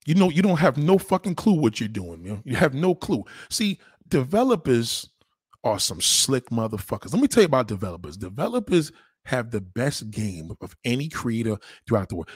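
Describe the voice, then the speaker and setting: Profane, animated New man ranting. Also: moderate pace, husky, dry recording, studio quality. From New York. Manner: profane, animated, swinging pitch. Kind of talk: casual rant.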